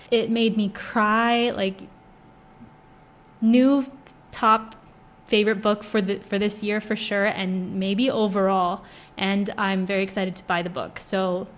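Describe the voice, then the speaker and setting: A young woman in casual chat reviewing books, gushing and chatty, with many fillers. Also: mid-range voice. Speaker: book vlogger.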